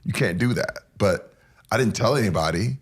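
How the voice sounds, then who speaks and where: A man's voice: on the low side, expressive, moderate pace, breathy edge. A man speaking as an interview guest, telling his personal story candidly and earnestly, repeating phrases for emphasis. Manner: drops to a hushed whisper at moving moments.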